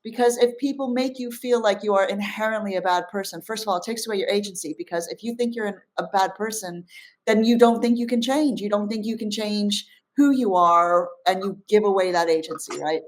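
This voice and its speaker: A woman's voice: medium pitch, fairly quick. A middle-aged woman speaking as an interview guest, earnest and reflective, with frequent fillers and restarts. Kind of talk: casual conversational interview.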